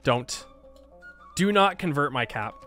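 A man's voice: fairly high pitch, expressive, takes it slowly, a bit bright, soft background music. A man commentating his strategy game, thinking aloud and exasperated at setbacks. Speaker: gaming YouTuber. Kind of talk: let's play commentary.

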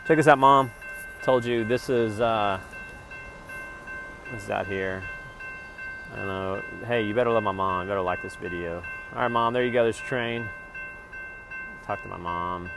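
A man rambling in a casual vlog, swearing often and swinging between loud outbursts and low mumbles. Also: moderate pace, creaky, long pauses. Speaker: vlogger. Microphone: phone camera. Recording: music playing in the background.

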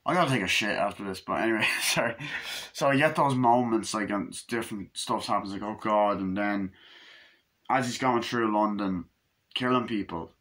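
Bright-voiced young man, profane rambling review. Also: lowish voice, moderate pace. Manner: rambling, profane, acts out scenes with screams and voices. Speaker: movie reviewer. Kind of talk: casual rambling movie review. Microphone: camera mic.

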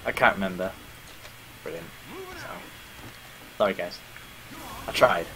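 A man's voice: low-pitched, very animated, a little slow, gravelly, bright, forceful tone, slight background noise, poor audio. A man chatting and joking while playing a team shooter with friends, swearing often. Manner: jokey, swears often, giggly. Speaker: gamer. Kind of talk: casual gaming chat.

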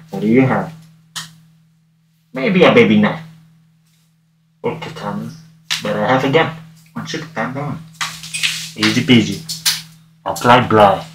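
A man in costume doing a wisecracking masked antihero who cockily teases his live viewers, his voice muffled behind a mask. He speaks slowly and unhurried, with a lively, swinging pitch. It sounds roomy and picked up from a distance, with plenty of noise behind him. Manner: cocky, teasing, talks straight to viewers. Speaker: cosplayer livestreaming. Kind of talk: in-character livestream banter. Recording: roomy, distant mic, noisy.

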